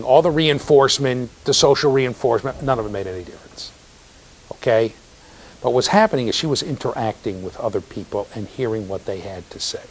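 A man giving a classroom lecture in a conversational way, telling stories, checking in with students and acting out the voices of people he quotes. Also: medium pitch. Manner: animated storyteller, acts out quoted voices. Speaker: university lecturer.

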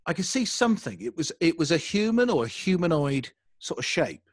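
A young adult English man telling a story in a casual interview, animated and self-deprecating. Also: on the high side, brisk, vocal fry, no echo, studio quality. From England. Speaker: podcaster guest.

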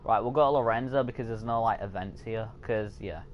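A man's voice: fairly low pitch, brisk, highs cut off, a little hiss or hum. A man chatting casually and rambling over his own gameplay as a streamer. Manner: chatty, rambling, self-correcting. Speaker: gaming streamer. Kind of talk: casual let's-play commentary. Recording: game music playing behind.

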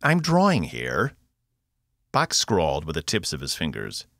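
A man voicing a loud, defiant male robot in an audiobook, shouting back at a guard. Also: very deep voice, wildly swooping pitch, measured pace, creaky, no echo, clean studio sound, heavily acted. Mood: indignant.

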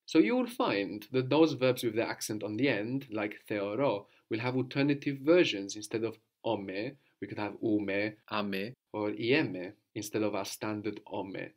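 A man's voice: on the low side, measured pace, few pauses. A man teaching a spoken language lesson, patiently explaining and quizzing his student, then repeating the answers.

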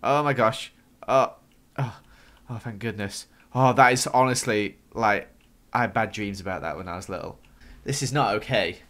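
A young man giving excitable let's-play commentary, gasping and squealing when startled. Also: lowish voice, normal speed. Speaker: gaming YouTuber.

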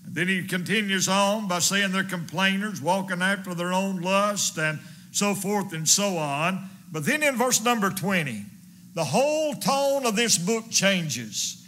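High, bright-voiced fervent evangelist. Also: male voice, expressive, a little slow. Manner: fervent preaching, pounding repetition. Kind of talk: sermon.

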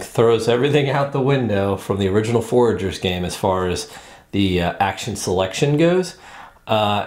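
Low, relaxed male host walking through board game rules, loose and filler-heavy, echoey room. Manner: relaxed, rambling with many fillers and restarts. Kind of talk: casual board game explanation. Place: indoors at a game table.

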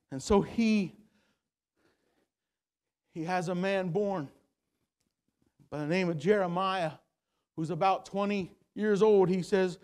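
A male pastor preaching a sermon, rising to loud emphatic peaks and dropping to quiet low passages, with repeated words as he gathers his thoughts. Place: church sanctuary.

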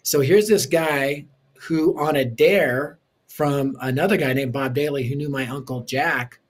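A man telling his life story in an interview, lively and punchy, with quick jokes woven in. His voice sits at an ordinary middle pitch for a man, plain and unforced. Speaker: guest, preacher and author.

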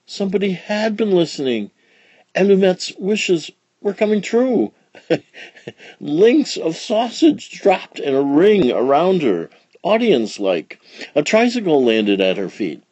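A man reading a children's storybook aloud with expressive, dramatic storytelling. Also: sits high, slow, slightly rough, no echo, lo-fi sound. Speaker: storybook reader. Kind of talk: children's read-along narration.

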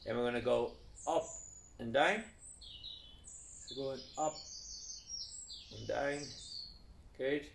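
A man's voice: mid-range voice, takes it slowly, vocal fry, pauses often, roomy sound, slight background noise. A man leading a live children's PE class, giving playful step-by-step exercise cues. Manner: upbeat, playful, step-by-step cueing. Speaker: children's PE coach. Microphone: camera set back across the room.

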